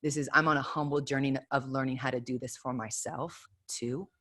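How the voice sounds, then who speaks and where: A woman's voice: extremely low pitch, fairly even intonation, brisk, fairly bright tone. A woman in her thirties giving an earnest inspirational spiritual talk as leader of an online prayer circle, repeating affirmations with emphasis. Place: home video call.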